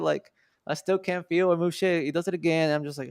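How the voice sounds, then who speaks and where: A man's voice: fairly high pitch, steady tone, fast talker, clear, resonant tone, dry recording, studio quality. A man in his twenties from Texas, telling a personal story in a loose, casual way, full of fillers and swearing. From Texas, USA. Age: 20s. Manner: loose and profane, many fillers. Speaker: guest artist.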